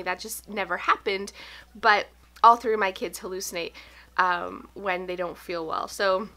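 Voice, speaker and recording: A home organizing vlogger in her thirties tells a story to camera in a casual vlog. She has a mid-range voice and sounds animated and breathless, breaking into laughs.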